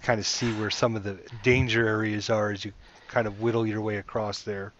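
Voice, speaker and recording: A man's voice: lowish voice, little pitch movement, fairly quick, fairly bright tone, lo-fi sound. A man narrating a tabletop game as game master, meandering and hesitant, with many fillers, heard over voice chat.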